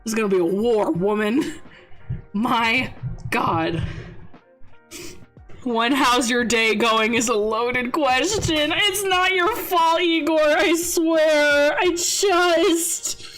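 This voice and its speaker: Female streamer, high voice, unhurried, playful and exasperated, quick to laugh. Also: a bit bright, soft background music. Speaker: VTuber streamer. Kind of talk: casual gaming livestream chat.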